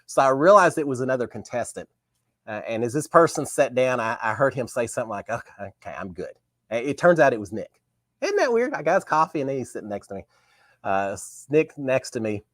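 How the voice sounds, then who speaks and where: Male host, middle-pitched, lively storyteller who acts out quotes. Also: a little fast, no room sound. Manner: animated, acts out remembered dialogue. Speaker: host of a live talk show. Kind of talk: casual storytelling.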